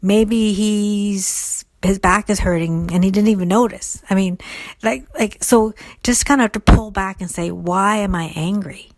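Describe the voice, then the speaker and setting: A middle-aged woman answers listener questions about recovery in a casual solo Q&A, thoughtful but full of fillers and restarts. Her voice is medium in pitch and measured in pace, and the recording is dry.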